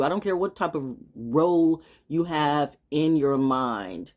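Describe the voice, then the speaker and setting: A woman's voice: low-pitched, expressive, slow, hardly any pauses, darkish tone. A middle-aged woman hosting a talk show, rambling in a casual monologue, laughing often.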